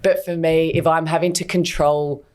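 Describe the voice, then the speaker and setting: A woman's voice: deep voice, level tone, normal speed, a little mellow. A woman co-hosting a podcast, talking in a candid, chatty way with lots of fillers and restarts. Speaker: podcast co-host. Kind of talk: casual chat.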